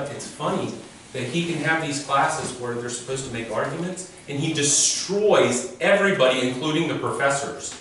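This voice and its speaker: Medium in pitch and fairly bright, the voice belongs to a teen court coordinator sharing stories with teens and parents. He's chatty and amused, laughing through anecdotes, and the far-off recording picks up an echoey room and faint noise.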